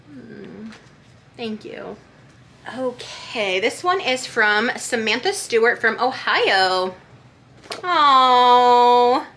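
A woman's voice: a little high, animated, drawn-out words, a bit bright, slight background noise. A woman vlogger chatting casually and reading holiday cards aloud, gushing and emotional.

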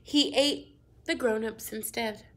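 A woman's voice: fairly high pitch, steady tone, slow, fairly bright tone, slight background noise. A young adult woman teacher reading a storybook aloud to her class, playful and full of asides.

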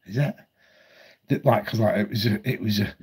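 A man's voice: fairly low pitch, moderate pace, darkish tone, slightly rough. A man ranting at home on his channel, blunt, heated and full of swearing. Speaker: vlogger. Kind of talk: ranting commentary.

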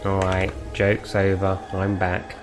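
Over music, a man with a deep voice and completely flat delivery talks slowly while streaming a video game live. He commentates on his play and swaps sarcastic jokes with viewers in the chat.

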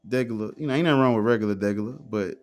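A man's voice: on the low side, very fast, a little mellow, soft background music. A man in casual conversation, talking emphatically and animatedly, often asking "you know what I'm saying". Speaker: guest, atheist streamer.

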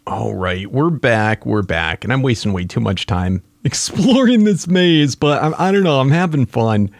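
A man narrating his own game play as he goes, an excitable gamer who exclaims at the creatures he finds. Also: medium pitch, moderate pace, creaky, dry recording. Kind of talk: casual gaming commentary.

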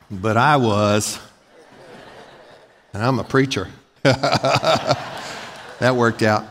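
Man, pastor, emphatic sermon, mid-pitched voice, long church-hall reverb. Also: drawn-out words, pauses often, slight background noise. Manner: emphatic, rising to loud peaks; folksy, acts out short everyday scenes. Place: large church sanctuary.

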